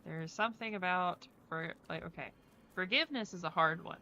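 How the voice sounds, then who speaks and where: A woman's voice: lowish voice, brisk, bright, forceful tone, muffled recording, slight background noise. A woman streaming a game, chatting casually in a rambling way full of fillers. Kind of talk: casual chat while playing a game.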